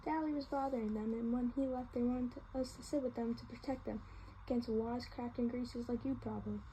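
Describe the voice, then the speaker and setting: A woman voicing a shy, quiet teenage boy who speaks defensively while reading a novel aloud. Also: on the high side, steady tone, brisk, a little hiss or hum, natural voice, low-quality recording. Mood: subdued. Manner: defensive, subdued.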